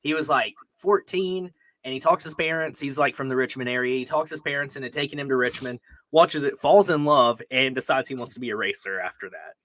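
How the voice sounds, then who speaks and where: A man chatting casually as a podcast co-host, relaxed and full of "um"s. His voice is bright and sits close and dry on the mic. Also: medium pitch, fairly quick, no echo. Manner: laid-back, many fillers. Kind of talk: casual chat.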